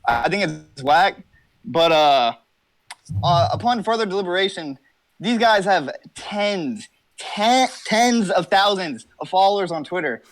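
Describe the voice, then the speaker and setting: A young man with a fairly high voice rambles through a casual interview from his car. He jokes and brags and swears constantly. He comes across as brash and over the top. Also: animated, measured pace. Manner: brash, profane, rambling comic boasting. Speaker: interview guest.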